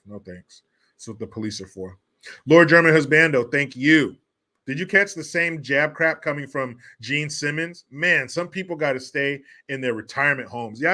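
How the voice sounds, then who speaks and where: A man's voice: medium pitch, bright, forceful tone. A middle-aged man hosting a commentary show, ranting angrily and sarcastically with a lot of swearing while he reads out viewer messages.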